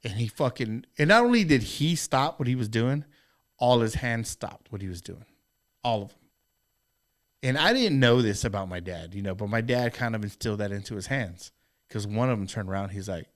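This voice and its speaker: A man's voice: on the low side, lively intonation, fairly quick. Profane, rambling man telling stories. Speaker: podcast co-host. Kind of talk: casual storytelling chat.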